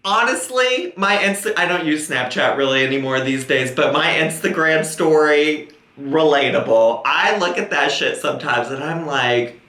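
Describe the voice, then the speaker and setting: A man's voice: on the high side, normal speed, few pauses, pushed and bright, roomy sound. A man giving sarcastic, teasing reaction commentary as a YouTuber.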